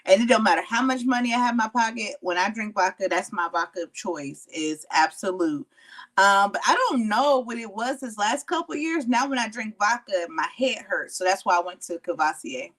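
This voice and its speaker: A woman's voice: mid-range voice, fairly quick, a bit bright. A woman guesting on a podcast, talking bluntly and playfully with plenty of swearing. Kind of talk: casual podcast chat.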